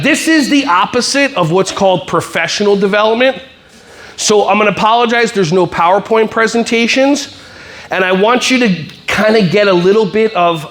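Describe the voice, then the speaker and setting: A man's voice: sits high, fairly bright tone. A man giving a comedic, motivational talk to school staff, teasing the audience and acting out kids and teachers. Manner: playful, teasing, acts out kids and teachers in quick voices. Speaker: speaker at a staff wellness workshop.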